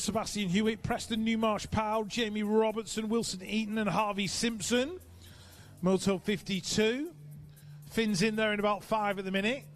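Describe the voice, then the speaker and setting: A man calls a race live from an outdoor track, briskly reeling off rider names and tossing in chatty asides. His voice sits high and bright for a man. Faint music plays behind him. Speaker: race announcer. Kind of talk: live sports commentary.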